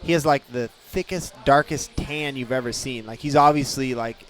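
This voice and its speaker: A man, a guest in a radio studio, telling a story in casual chat and acting out the people in it with lively energy. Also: mid-range voice, normal speed, a little hiss or hum. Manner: animated, acts out quotes.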